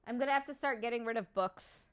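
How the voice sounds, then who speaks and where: Her voice is fairly high, smooth, and a little fast as she runs a casual live-chat stream. The host is animated and sarcastic, swearing freely and calling out viewers by name to thank them.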